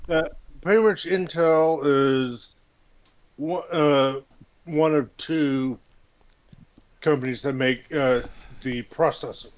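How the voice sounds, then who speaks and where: A man chatting on a game stream, hesitant and halting, with many pauses. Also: fairly high pitch, dull audio. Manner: hesitant, lots of uh and restarts. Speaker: stream guest. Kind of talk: casual chat while gaming.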